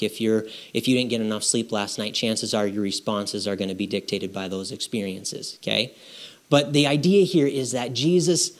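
A man preaching a sermon in a conversational style, often checking in with his listeners with quick "right?" and "okay?" asides. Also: medium pitch. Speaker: pastor.

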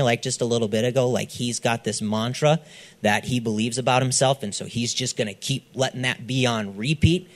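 Male pastor, mid-pitched, animated storyteller who acts out each character and checks in with the congregation. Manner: checks in with the audience, "okay?". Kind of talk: sermon.

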